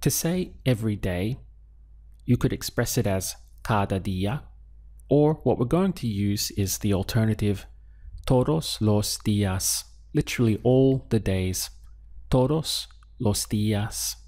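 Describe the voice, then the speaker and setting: A man teaching a language lesson, calmly prompting the listener and pausing for their answers. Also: on the low side. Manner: slow, patient prompting with pauses for answers. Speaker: Spanish teacher.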